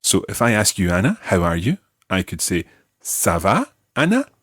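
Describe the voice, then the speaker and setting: Husky-voiced man teaching at a patient pace. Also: low-pitched, huge pitch swings, fairly bright tone, no room sound. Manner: patient, explanatory, models words slowly for repetition. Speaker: language teacher and host. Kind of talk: scripted audio language lesson.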